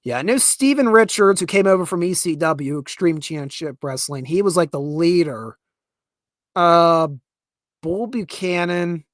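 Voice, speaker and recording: A man's voice: on the high side, a little slow, dry recording. Dry-mic young man ranting on a podcast. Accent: Pittsburgh. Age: young adult. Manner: animated ranting with laughs and restarts. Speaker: podcast host. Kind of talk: casual rant.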